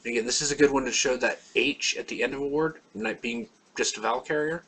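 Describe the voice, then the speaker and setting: Husky guy teaching letters, patient, says each word twice slow. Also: mid-range voice, a bit bright. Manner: plain, patient explaining with slow repeated words. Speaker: language teacher. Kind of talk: alphabet lesson.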